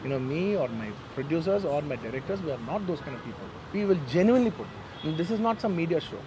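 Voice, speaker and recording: Fast-talking man, earnest and emotional. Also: on the high side, noisy background. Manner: earnest, emotional, repeats himself. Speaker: film actor speaking to the press. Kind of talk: press statement to reporters. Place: outdoor garden during a press meet.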